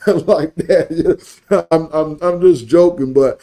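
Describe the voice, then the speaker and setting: A man's voice: on the high side, a little slow, dark tone. A man hosting a faith-based podcast, preaching in a motivational sermon style and quoting scripture. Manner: preachy, repeats and restarts words, quotes scripture. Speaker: podcast host and Christian business coach.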